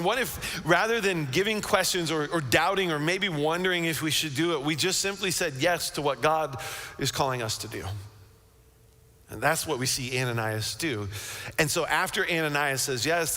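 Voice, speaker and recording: A man preaching a sermon as pastor, telling the story in an animated way with frequent restarts and repeated words. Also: fairly high pitch, moderate pace. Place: church sanctuary. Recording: long church hall reverb.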